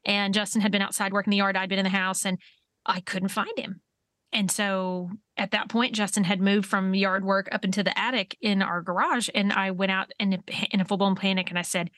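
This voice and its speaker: A woman in her forties co-hosting a podcast, telling stories in a lively way and laughing as she talks. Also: medium pitch, a little fast, dry recording, studio quality. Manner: animated storyteller, laughs through her telling. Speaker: podcast co-host. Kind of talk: casual chat.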